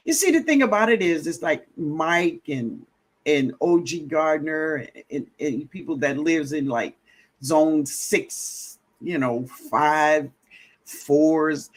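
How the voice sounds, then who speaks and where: Slow gravelly man chatting on a livestream. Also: on the high side. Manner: drawling, greets viewers as baby, laughs often. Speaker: livestream host. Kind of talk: casual live-stream chat reading comments.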